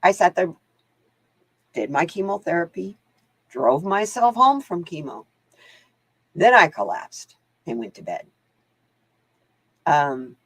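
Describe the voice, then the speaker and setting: Woman hosting a live card reading stream, chatty and rambly, gravelly voice, swoops up and down a lot, dry close sound. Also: lowish voice, no room sound. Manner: chatty, laughs often, wanders off on stories. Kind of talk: casual livestream chat.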